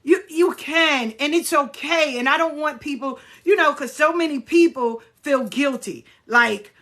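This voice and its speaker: Animated, blunt woman with a bright voice. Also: high-pitched, a little slow, few pauses. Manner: blunt, animated, swears freely. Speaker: spiritual practitioner, channel host. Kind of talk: casual spoken reflection to viewers.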